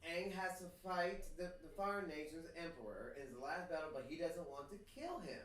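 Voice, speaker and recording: Animated man telling stories off-mic. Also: a little high, normal speed, distant mic. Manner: animated storyteller, loose and informal. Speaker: podcast co-host. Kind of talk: casual podcast chat. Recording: echoey room, off-mic, faint noise.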